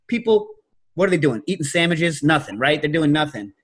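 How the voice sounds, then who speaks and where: A middle-aged man hosting a casual chat, telling stories with lively energy and jumping into loud, high-pitched imitations. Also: fairly quick, husky. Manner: animated storyteller, leaps to high shouted imitations. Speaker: podcast host.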